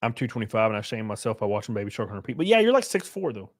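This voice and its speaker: A man with a lowish voice races along, very animated, while hosting a casual livestream. He reads viewer comments out loud and answers them loosely, joking and rambling.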